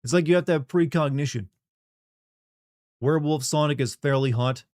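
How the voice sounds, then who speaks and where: A man's voice: on the high side, moderate pace, darkish tone, no room sound. Young male streamer, rambling profane banter with chat, dry close mic. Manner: rambling, profane and joking, chatting with viewers. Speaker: game streamer. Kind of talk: casual live-stream chat.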